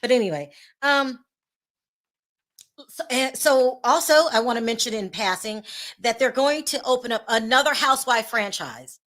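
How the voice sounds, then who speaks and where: Bright, emotional woman vlog host. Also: fairly high pitch, normal speed, pauses often. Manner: emotional, chatty, talks straight to viewers. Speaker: YouTube gossip show host. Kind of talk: casual live-stream chat.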